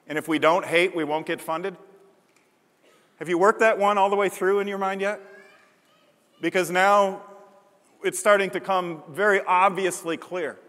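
Bright-voiced pastor in an echoing hall. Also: male voice, sits high. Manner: earnest, building repetition and emphasis. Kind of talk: sermon.

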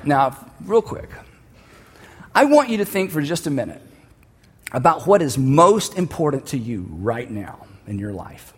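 A man's voice: medium pitch, very animated, a little slow, breathy edge, long reverb tail. A man preaching a sermon, telling a personal story and leading the listeners to repeat a line together. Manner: storytelling, building to emphatic calls for the audience to repeat. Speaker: pastor.

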